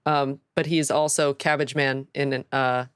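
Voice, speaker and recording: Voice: mid-range voice, little pitch movement, a little slow, clean tone, no room sound. A podcast co-host talking in an enthusiastic, chatty way. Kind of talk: casual chat.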